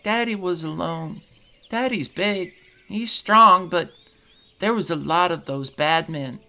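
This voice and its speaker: A man's voice: sits high, gravelly, bright, forceful tone, pitched above the performer's own voice, heavily acted. A man doing a shy, stammering farm boy. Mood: frightened. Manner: halting, stammering child speech.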